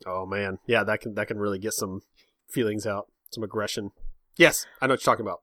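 A man's voice: fairly low pitch, fairly even intonation, brisk, bright, forceful tone, no room sound, clean studio sound. A man chatting casually with a friend, reacting to his story with jokes and questions. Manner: playful, joking reactions. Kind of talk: casual chat.

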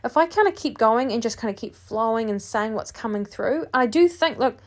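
A woman who works as a psychic medium, chatting casually to her viewers and talking in a steady flow with hardly any pauses. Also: a little high. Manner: chatty, talks in a continuous flow without pauses.

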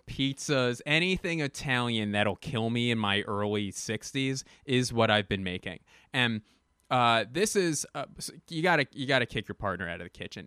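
A young man delivering a rambling, profane, self-deprecating comic monologue, stumbling over restarts and jumping into sudden loud bursts. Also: medium pitch, clean tone, no echo, clean studio sound. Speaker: comedian. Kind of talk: stand-up style comic monologue.

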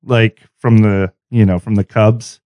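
A man's voice: lowish voice, measured pace, highs cut off. A man in his forties co-hosting a comedy podcast, jokey, running segments in casual chat. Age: 40s. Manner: jokey, animated, runs the segments. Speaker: podcast co-host.

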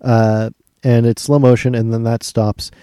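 A young man co-hosting a podcast, casually recapping a TV episode with deadpan teasing. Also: mid-range voice, measured pace, clear, resonant tone, dry recording, studio quality. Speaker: podcast co-host.

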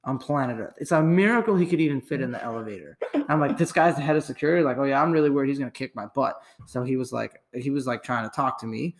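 A man's voice: medium pitch, quick pace, few pauses, a little hiss or hum. A young man casually telling a story, rambling with lots of "like" and restarts. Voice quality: gravelly.

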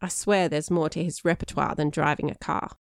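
Woman doing a cheeky teen girl, teasing, a bit of gravel in the voice. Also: sits low, steady tone, normal speed, dry recording, studio quality. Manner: playful and teasing. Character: cheeky teenage girl, sparky and mischievous.

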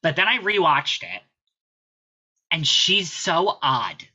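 A man chatting casually as a podcast guest, blunt and quick with swearing asides. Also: fairly high pitch, sing-song, pushed and bright, muffled recording.

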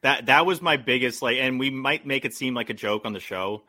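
A man's voice: mid-range voice, a little fast, sharp tone. A man talking casually as a podcast guest, rambling with many likes and restarts.

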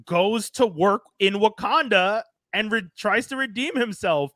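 A high-pitched man with a bright, forward tone chats about comics with friends. He is animated and swears freely. The sound is close and dry. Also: unhurried, dry recording. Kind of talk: casual comic book chat.

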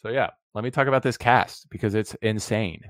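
A man's voice: lowish voice, fairly quick, a bit bright, no echo, studio quality. A man in his thirties co-hosting a movie podcast, chatting casually and animatedly. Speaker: podcast co-host. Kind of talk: casual chat.

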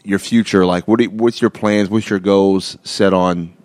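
A man's voice: deep voice, steady tone, moderate pace, a little mellow, dry recording. A man hosting a casual podcast chat, telling a story in a rambling way with many restarts and frequent laughter. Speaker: podcast host.

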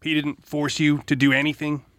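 A man's voice: on the high side, completely flat delivery, normal speed, a bit bright, dry recording, clean studio sound. A man, a defense lawyer, cross-examining a witness with pointed, leading questions.

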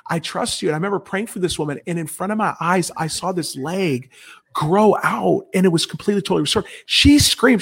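A man's voice: fairly high pitch, gravelly, husky. A man sharing an earnest personal testimony on a Christian broadcast, preaching with emphasis and often restarting his sentences. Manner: earnest, emphatic preaching tone with rapid self-corrections. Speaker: guest speaker.

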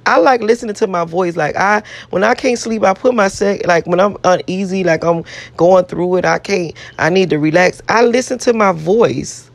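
A creaky, lowish female voice moves at a moderate pace in a dry recording. It belongs to a vlogger casually talking to camera, rambling on with brash profanity and self-adoring boasts that she keeps repeating.

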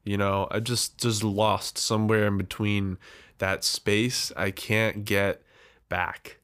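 Slow, low-voiced winded podcast host. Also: male voice, little pitch movement, fairly bright tone. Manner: rambling, self-deprecating, trailing off and restarting. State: out of breath after overeating. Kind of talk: casual solo podcast monologue.

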